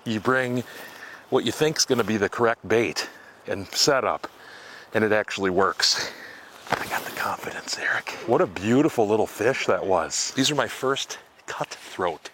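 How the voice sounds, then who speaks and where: An outdoor vlogger fishes and cooks in the woods while talking casually to the camera, joking and poking fun at himself, sometimes out of breath. His voice is low-leaning, expressive, unhurried and fairly bright, with slight background noise.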